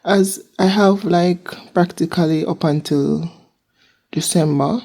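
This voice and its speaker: A woman's voice: fairly low pitch, slow pace, dark tone. A young woman with a Jamaican accent chatting casually in a vlog from her home kitchen, rambling and repeating herself. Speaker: vlogger, seasonal worker.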